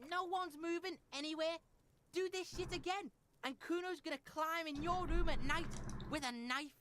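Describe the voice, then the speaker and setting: A woman's voice: extremely high pitch, moderate pace, noisy background. A woman voicing a belligerent, foul-mouthed street kid boy in a video game, taunting and swearing constantly. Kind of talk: video game character dialogue.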